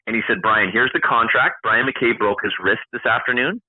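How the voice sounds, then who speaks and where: A man in his forties, a retired hockey player and podcast guest, telling animated stories, acting out quoted dialogue and swearing freely. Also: medium pitch, normal speed, slightly rough, dry recording. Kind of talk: casual storytelling interview. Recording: tinny phone-like call line.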